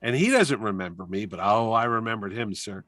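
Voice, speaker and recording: Animated male storyteller, dry sound. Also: lowish voice, a little fast, dry recording. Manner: animated storyteller, talks through anecdotes. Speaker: comic convention organizer, podcast guest; weekly radio show host. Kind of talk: casual storytelling interview.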